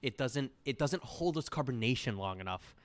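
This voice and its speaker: A man's voice: mid-range voice, expressive, moderate pace. A man in his twenties co-hosting a podcast, giggly and swearing a lot through casual banter on a close mic. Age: 20s. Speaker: podcast co-host.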